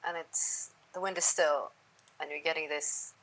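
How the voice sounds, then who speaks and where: A woman narrating a tabletop game as game master, sometimes dropping to a soft near-whisper. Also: sits low, fairly even intonation, a little slow, poor audio.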